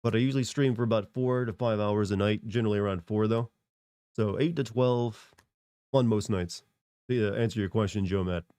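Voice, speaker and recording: A man's voice: fairly low pitch, fairly quick, warm tone, smooth, dry recording, clean studio sound. Congested man chatting on stream. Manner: rambling, answers chat with fillers. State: congested from a cold. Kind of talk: casual live-stream chat.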